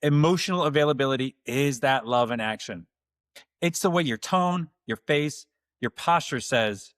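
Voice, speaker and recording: Calm, steady male podcast host. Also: fairly high pitch, moderate pace, dry recording, studio quality. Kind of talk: scripted podcast monologue.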